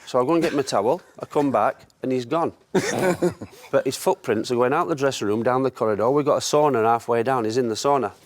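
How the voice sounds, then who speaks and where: Man telling lively anecdotes. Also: mid-range voice, fast talker, dry recording. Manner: lively storyteller, laughs at his own tales. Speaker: former footballer telling stories.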